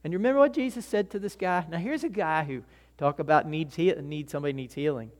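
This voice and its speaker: A fast-talking pastor with a fairly high voice preaches a sermon, telling stories conversationally, acting out voices and restarting his sentences often. A long hall reverb hangs over the recording.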